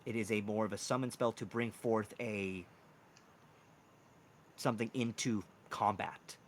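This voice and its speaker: A man's voice: fairly low pitch, steady tone, measured pace, a little hiss or hum. A man narrating as dungeon master of a tabletop game, laughing often and slipping into character voices.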